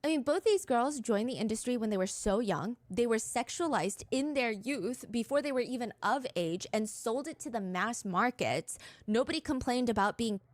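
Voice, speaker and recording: A woman narrating a true-crime story in a brisk podcast style, quoting text messages as she goes. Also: on the high side, animated, no room sound.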